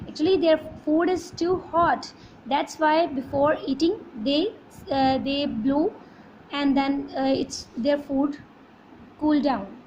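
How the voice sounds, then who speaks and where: A woman teacher, reading a children's poem aloud in a slow, sing-song way with puffing sounds, and explaining words to her students. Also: high voice, animated, a little mellow, a little hiss or hum, rough recording. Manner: addresses students as beta.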